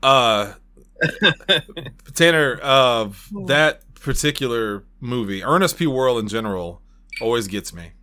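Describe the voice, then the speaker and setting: Bright-voiced swearing podcast host. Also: male voice, mid-range voice, expressive, a little slow. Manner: loud, swearing, ranting. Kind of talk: casual podcast chat.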